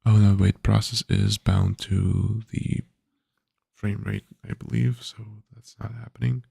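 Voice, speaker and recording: A man's voice: lowish voice, fairly even intonation, a little slow, gravelly, warm tone, breathy edge, no echo, studio quality. A man, a game developer, thinking aloud casually while coding, hesitant with many filler sounds.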